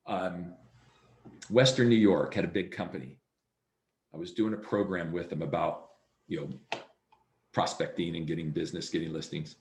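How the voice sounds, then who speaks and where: A man's voice: low-pitched, steady tone, normal speed, pauses often, a little mellow, a little hiss or hum. A man giving a real estate sales training over a video call, acting out dialogue in his stories. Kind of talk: training presentation. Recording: roomy echo.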